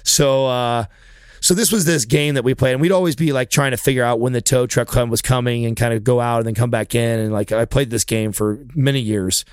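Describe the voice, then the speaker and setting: A man rattles off a story at a rapid clip, cursing freely and working himself up as he tells it. His voice sits at an ordinary middle pitch, recorded close and dry with no room sound. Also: smooth, dry recording. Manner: profane, animated, heated storytelling. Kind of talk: casual storytelling chat.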